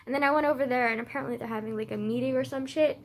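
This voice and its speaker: A teenage girl telling a story in a casual rant, peppered with "like" and swearing, dropping to low mutters and then flaring up loud. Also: rapid-fire, a little hiss or hum. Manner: swearing, frequent "like" fillers, swings from low mutters to loud outbursts. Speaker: vlogger.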